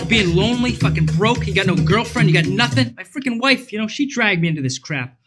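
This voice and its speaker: Brief: a man imitating a cranky, profane male stand-up, fed up and loud, over loud music. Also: sits high, expressive, fairly quick, voice pushed up. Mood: ranting. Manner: profane, ranting, exasperated. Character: gruff foul-mouthed male comedian teaching a class.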